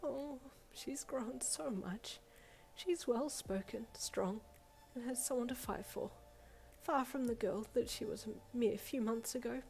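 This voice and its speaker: A woman's voice: mid-range voice, normal speed, natural voice, poor audio. A woman reading aloud voices a middle-aged woman principal who speaks formally and apologetically. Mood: tearful. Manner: formal, apologetic, then tearful and soft.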